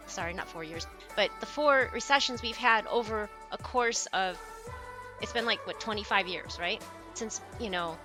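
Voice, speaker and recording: A woman in her forties streaming, rambling in earnest casual chat, and sounding younger than her age. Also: mid-range voice. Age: 40s.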